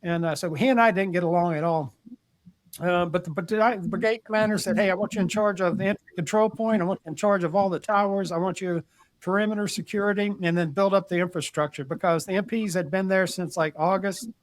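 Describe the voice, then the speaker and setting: An older man recounts his army days in a casual, plainspoken way, often repeating words as he restarts a sentence. His voice sits fairly high for a man. The sound is close and dry, with no room echo. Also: fairly even intonation, quick pace. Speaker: retired army general, podcast guest. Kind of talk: casual storytelling interview.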